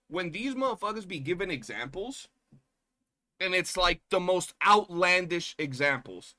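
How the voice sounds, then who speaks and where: A man's voice: high voice, lively intonation, a little slow, bright, forceful tone. A young man streaming, chatting casually in slangy, profane rants and mocking the people he talks about. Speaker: streamer reacting to drama. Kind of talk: casual reaction stream chat.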